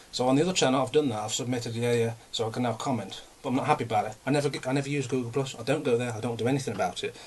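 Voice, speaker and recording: In a mid-range voice, a young vlogger from England chats casually and rambles on, ranting and mocking himself. He sounds slightly winded, and there's a little hiss or hum in the background.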